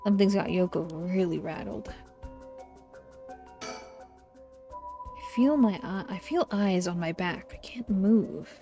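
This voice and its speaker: A woman's voice: mid-range voice, measured pace, long pauses, music in the background. A woman streamer reading game dialogue aloud and reacting, easily frightened and jumpy. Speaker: streamer playing a horror visual novel.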